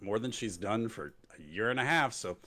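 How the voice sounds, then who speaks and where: A man's voice: fairly low pitch, lively intonation, normal speed, bright, forceful tone. A man hosting a wrestling podcast, recapping the show in casual chat with sarcasm and silly impressions of wrestlers. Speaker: podcast host.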